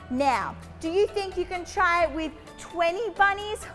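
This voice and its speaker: A woman's voice: extremely high pitch, expressive, a little slow, hardly any pauses, in a large hall, soft background music. A woman hosting a children's story and singalong, reading aloud and cheering the kids on directly. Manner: bright, encouraging, addresses kids directly.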